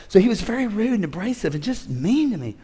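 A fifty-something pastor preaching in a church hall, his fairly high voice trailing off into a long reverb. He swings from loud exhortation to hushed, chatty storytelling. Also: fast talker, husky. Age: 50s. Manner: animated preacher, shifts from shouting to quiet storytelling. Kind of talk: sermon.

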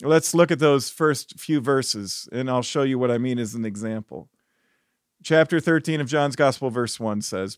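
A man's voice: medium pitch, no room sound, clean studio sound. Earnest man teaching scripture on a podcast. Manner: earnest, reflective, with soft laughs and restarts.

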